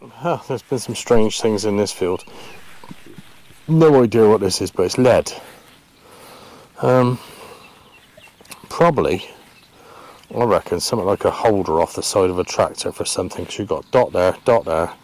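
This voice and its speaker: A man's voice: on the low side, expressive, unhurried, long pauses, darkish tone. A man vlogging his metal detecting in a farm field, thinking aloud in a hesitant, chatty way as he talks to the camera. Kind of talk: casual commentary to camera. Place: open farm field outdoors.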